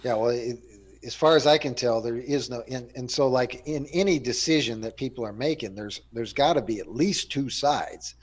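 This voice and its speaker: Male host, average pitch, loose and rambling delivery. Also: moderate pace, hardly any pauses. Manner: rambling, many fillers and restarts. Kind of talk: casual panel chat.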